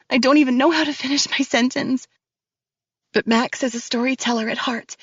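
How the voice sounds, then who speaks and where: A woman's voice: high voice, breathy edge, dry recording, dull audio. A woman narrating a first-person thriller audiobook in a tense, breathless way.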